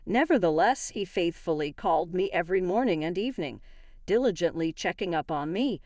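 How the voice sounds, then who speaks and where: A young woman tells a personal story in the first person with earnest, dramatic delivery. Her voice sits fairly low yet moves expressively through a wide range. It is recorded close and dry, with no room sound. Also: lively intonation, fairly quick, a little mellow, dry recording. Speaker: story narrator.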